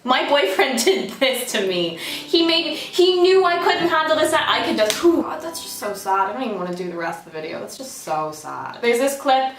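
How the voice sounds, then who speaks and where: A woman's voice: on the high side, animated, normal speed, fairly bright tone, reverberant, far from the mic. A young woman talking casually to camera as a vlogger, emotional and self-mocking, with frequent swearing. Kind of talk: casual vlog chat.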